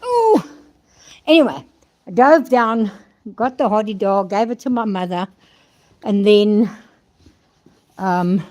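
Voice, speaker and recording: A woman's voice: medium pitch, lively intonation, takes it slowly, pauses often, a little mellow. An older woman from South Africa chatting casually in a vlog outdoors at a horse stable, rambling and talking fondly to her horses, recorded on a handheld phone. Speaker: vlogger.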